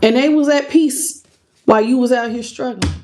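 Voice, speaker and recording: A woman's voice: a little high, moderate pace, music in the background. Woman doing a live tarot reading, all worked up, calls folks baby and sweet pea. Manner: emotional, greets viewers by name, colloquial. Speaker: tarot reader.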